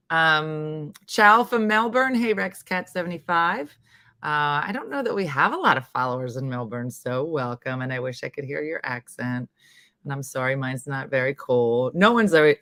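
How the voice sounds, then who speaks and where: Woman, New Jersey accent, live-stream host, slightly hoarse, bright forceful voice, lowish pitch, rambling chatty manner. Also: animated, moderate pace, dry recording. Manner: chatty, rambling, laughs at herself. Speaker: morning show host. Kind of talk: casual live-stream chat.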